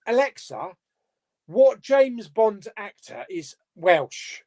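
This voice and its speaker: A man with a fairly high voice that swings up and down a lot, chatting unhurriedly as the host of a live show. He reads viewer comments aloud and muses to himself as he goes. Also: big pitch swings, slow pace, darkish tone. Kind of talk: casual live chat reading viewer comments.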